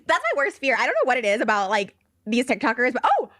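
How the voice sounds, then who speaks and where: A woman rattles through casual podcast chat at a breakneck pace, her pitch swooping up and down. She acts out what other people said in lively asides. The close mic sounds dry. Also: quick pace, dry recording. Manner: excitable, quotes others in animated asides. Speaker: podcast co-host.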